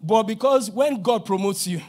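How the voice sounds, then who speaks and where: Nigerian pastor, middle-aged man, very high voice, animated sermon delivery with bursts of shouting. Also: moderate pace, slight background noise. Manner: animated preaching, shouting at peaks, acting out dialogue.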